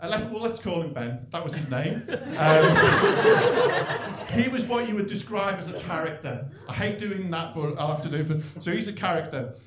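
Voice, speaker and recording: A middle-aged man from St Helens in North West England, with a Northern English accent, performs a live stand-up routine in a comedy club. His fairly high, animated voice moves at normal speed, and his dry, self-deprecating rambling is full of "really" tags. The recording is very noisy and echoey, with audience laughter.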